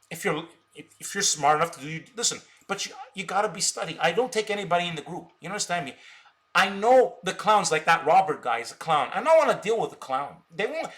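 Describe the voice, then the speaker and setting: A man with a somewhat high voice rants to his live stream viewers. He sounds combative, and he stammers by repeating words over and over as he pushes his points. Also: big pitch swings, fairly quick, a bit bright. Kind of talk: unscripted live stream talk.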